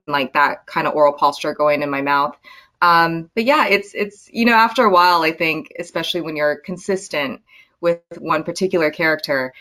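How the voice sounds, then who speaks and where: A woman actress as interview guest, talking in a relaxed, friendly way with plenty of "like" and "um". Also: low voice. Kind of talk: casual interview chat.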